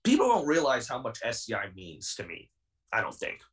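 A young man in his twenties speaks as a wrestling guest on a podcast. His delivery is heated and defiant, and he pushes every point hard. His voice sits at an ordinary pitch and sounds slightly distant from the microphone. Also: huge pitch swings, brisk, fairly bright tone. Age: 20s. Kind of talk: podcast interview.

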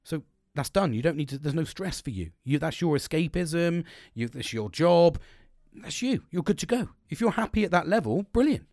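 A man's voice: a little high, animated, normal speed, a little mellow, no room sound, studio quality. A middle-aged British man chatting on a podcast, rambling and blunt, with frequent swearing. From Britain. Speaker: podcast co-host. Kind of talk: casual chat.

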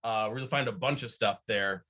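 A man's voice: lowish voice, moderate pace, sharp tone, lo-fi sound. A man, a guest on a talk show, explaining his views in an earnest, reflective way. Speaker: guest from a Bible study center. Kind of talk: conversational interview.

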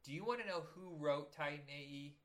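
Chatty higher-voiced man. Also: a little fast. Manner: chatty, animated storyteller, swears freely. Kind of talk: casual chat about animated films.

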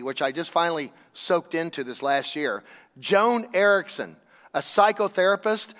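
High-voiced man preaching in an echoey hall. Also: fairly bright tone. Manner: conversational, emphatic, asks rhetorical questions. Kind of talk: sermon.

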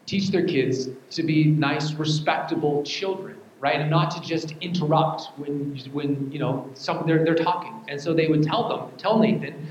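A man's voice: fairly high pitch, steady tone, normal speed, few pauses, a little hiss or hum. A man preaching a sermon, repeating key words and building to fervent, almost sung emphasis. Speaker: pastor. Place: church. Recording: echoey hall, dull sound.

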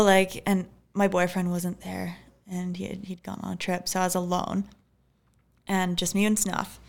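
A woman's voice: fairly low pitch, flat delivery, normal speed, creaky. A young adult woman telling a story as a podcast guest in a casual, chatty way, with lots of "like" and "anyways" and easy laughs.

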